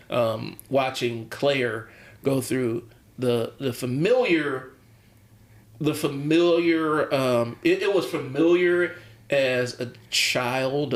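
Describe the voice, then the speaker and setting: A man co-hosting a casual coaching podcast, rambling with many ums and restarts and an occasional chuckle. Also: medium pitch. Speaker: podcast co-host, basketball coach. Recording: roomy echo.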